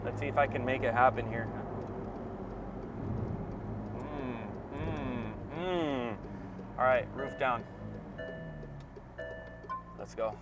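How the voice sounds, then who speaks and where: A man's voice: medium pitch, takes it slowly, long pauses. A man filming a car vlog while driving an open-top sports car, talking in an emotional, exclaiming way and swearing now and then. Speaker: car vlogger. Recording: loud road and engine noise. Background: traffic and engine noise.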